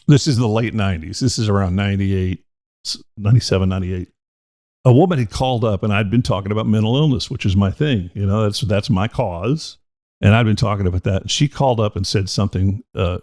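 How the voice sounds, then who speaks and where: A man's voice: fairly low pitch, a little mellow. A middle-aged man, a podcast host and former radio DJ, telling rambling, profane stories in casual chat.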